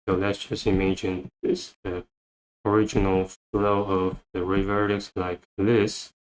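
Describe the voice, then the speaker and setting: A man teaching English vocabulary, repeating each word and phrase slowly as he explains. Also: low-pitched, rough recording. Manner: repeats words many times, thinking aloud. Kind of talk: slow, repetitive vocabulary lesson.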